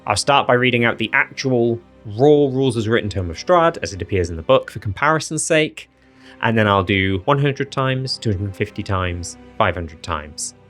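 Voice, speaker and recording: Low-voiced guy chatting to camera about his tabletop game, laughs at stuff, faint music behind. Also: animated, moderate pace, fairly bright tone. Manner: chatty, laughs at silly results. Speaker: dungeon master and video host. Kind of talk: casual explanation to camera.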